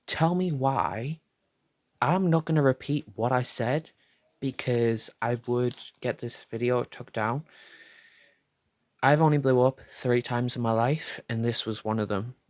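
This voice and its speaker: A man's voice: medium pitch, no echo, clean studio sound. A young man telling a storytime tale in a sassy, dramatic way, swearing freely. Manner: fast, lively gossip delivery. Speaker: storytime vlogger. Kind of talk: storytime retelling.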